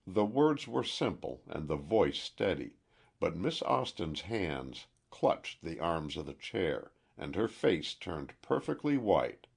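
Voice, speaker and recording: A male audiobook narrator with a low, husky voice. He reads slowly and with lively, shifting intonation. His delivery is measured and expressive. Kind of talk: audiobook reading.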